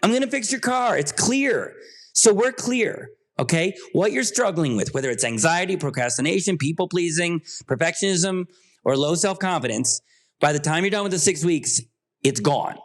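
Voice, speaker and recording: A man's voice: on the high side, animated, normal speed. A man speaking as a podcast guest, emphatic and insistent, his voice jumping up sharply on key points. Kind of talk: passionate interview talk.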